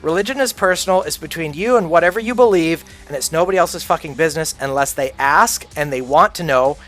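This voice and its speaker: A man's voice: on the high side, quick pace, a bit bright, soft background music. A man livestreaming a game, ranting casually in a blunt, profane, opinionated way. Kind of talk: casual rant while gaming.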